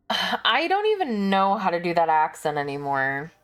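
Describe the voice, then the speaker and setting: Woman, young adult, streamer, casual chat, lively pitch, unhurried, faint music behind. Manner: chatty, talks to herself while online shopping, laughs often.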